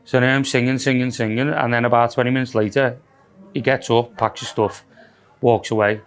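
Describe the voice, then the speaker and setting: A young man, co-hosting a podcast, telling a story in a casual and animated way, swearing and acting out what others said. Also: medium pitch, fairly quick, clean tone. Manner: animated, sweary storytelling, acts out quoted voices, says "lad" a lot. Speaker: podcast co-host.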